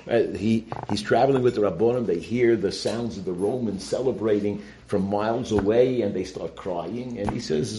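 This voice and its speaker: A man gives an informal Torah talk, and his voice sits on the low side. He halts and restarts often and peppers his with Hebrew and Yiddish terms. A faint hiss runs under the recording. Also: moderate pace, warm tone. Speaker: Torah teacher.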